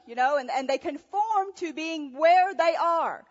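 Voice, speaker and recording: A woman's voice: very high voice, expressive, unhurried. A woman preacher giving a sermon, asking rhetorical questions and telling stories with emphasis. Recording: echoey hall, dull sound.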